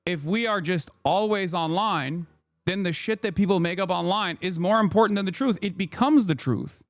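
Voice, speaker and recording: A man in his thirties rants through a live-stream news reaction, firing off rhetorical questions. His voice sits a bit high, and the sound is dry and close. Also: no room sound. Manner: fast, heated ranting with rhetorical questions.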